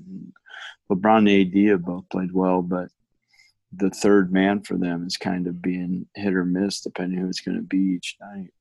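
Podcast co-host: middle-aged man, very low and gravelly, dry wit, close dry sound. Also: a little mellow, dry recording. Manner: dry, joking asides. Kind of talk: casual sports podcast chat.

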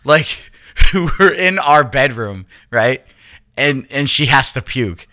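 A man in his thirties co-hosting a podcast, telling profane, animated stories with laughs in casual chat. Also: medium pitch, takes it slowly. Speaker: podcast co-host.

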